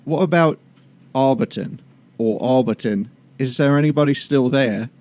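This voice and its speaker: A man playing a tabletop game, easygoing and quick to laugh. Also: medium pitch, darkish tone. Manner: easygoing, giggly. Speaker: player. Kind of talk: casual tabletop play.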